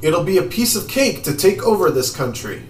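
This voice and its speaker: A man's voice: sits high, very animated, brisk, a little mellow, a little hiss or hum, pitched above the performer's own voice. A man voicing a sneering, giggly small male bandit, heard in an echoey room. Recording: echoey room, distant mic.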